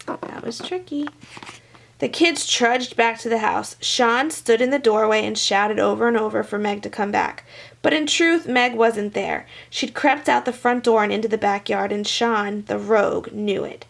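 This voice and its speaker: A woman's voice: a little high, moderate pace, gravelly. A woman reading a children's picture book aloud, adding chatty asides for young listeners. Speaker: children's story reader.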